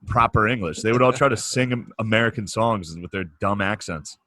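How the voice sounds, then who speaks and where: A man co-hosting a podcast, cutting in with crude jokes and quick jabs. His voice sits low. The recording is dry and close. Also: pushed and bright, no room sound. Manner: crude wisecracking interjections. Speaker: podcast co-host. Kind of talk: casual podcast banter.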